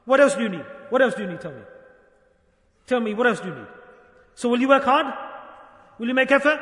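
A man with a very high, bright voice delivers a sermon in a large hall that rings with long echoes. He presses his point with insistent repetition. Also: animated, fairly quick, long pauses. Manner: emphatic, urging, repeats phrases. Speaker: preacher.

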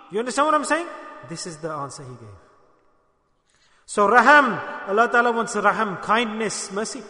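A man preaching a sermon with emphatic repetition, swinging between loud declarations and hushed lines. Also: sits high, sing-song, normal speed, pauses often. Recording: echoey hall with long reverb.

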